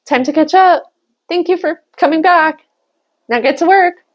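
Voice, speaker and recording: A woman voicing a brisk, demanding female coworker with a curt, bossy manner. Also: very high voice, highs cut off, voice pushed up. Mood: brusque.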